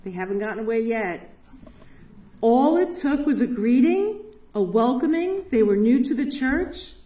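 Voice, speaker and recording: Woman, church speaker, enthusiastic storyteller, mellow tone, echoey hall, distant mic. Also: on the high side, lively intonation, measured pace. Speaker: parish ministry speaker. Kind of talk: inspirational church talk.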